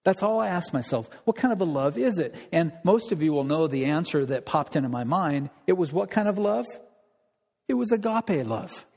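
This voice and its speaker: Emphatic preacher in a reverberant hall. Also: male voice, fairly high pitch, lively intonation, normal speed, gravelly, darkish tone. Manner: rhetorical questions, emphatic repetition. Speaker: pastor. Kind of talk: sermon.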